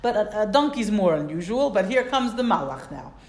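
A woman's voice: mid-range voice, expressive, fairly quick, darkish tone. A woman teaching a Bible class who reads Hebrew verses, translates them, and repeats words for stress. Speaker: Torah teacher. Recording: roomy echo.

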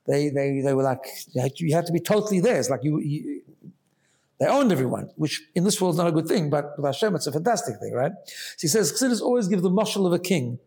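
A man teaches a Chassidic Torah class in a fairly high, darkish-toned voice, speaking quickly with lively intonation. He explains ideas through rhetorical questions, often asking "right?", and mixes in frequent Hebrew terms and phrases.

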